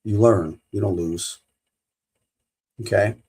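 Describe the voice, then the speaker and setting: A man's voice: on the low side, slow, a little mellow, breathy edge. A middle-aged man hosting a solo motivational podcast as a coach, emphatic and repeating his key phrases.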